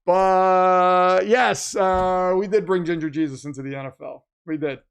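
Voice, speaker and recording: A man hosting a casual livestream and reading viewer messages, talkative, keyed up and nervous, swinging from loud to quiet. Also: high voice, a little slow, creaky, clear, resonant tone. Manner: excitable, talkative, jumps between loud and quiet. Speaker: livestream host reading super chats.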